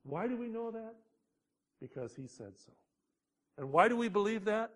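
A man preaching a sermon, slow and deliberate, building emphasis on key words. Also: high voice, animated, a bit bright. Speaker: pastor.

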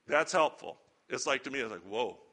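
A man teaching a Bible lesson to a church group in a relaxed, conversational sermon style with chatty asides. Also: mid-range voice, brisk, vocal fry. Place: church or lecture hall with slides.

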